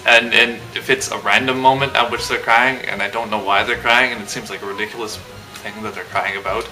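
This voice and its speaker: A man's voice: fairly low pitch, fairly even intonation, a little fast, roomy sound, over music, low-quality recording. A young man on a casual panel, giving jokey, rambling explanations about how guys think. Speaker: panel member. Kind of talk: casual opinion chat.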